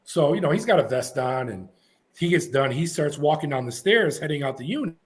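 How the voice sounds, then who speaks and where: A man's voice: on the high side, big pitch swings, brisk. A middle-aged man, a former prison officer, telling vivid, blunt stories as a podcast guest. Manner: vivid, blunt anecdotes with frequent restarts. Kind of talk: animated storytelling.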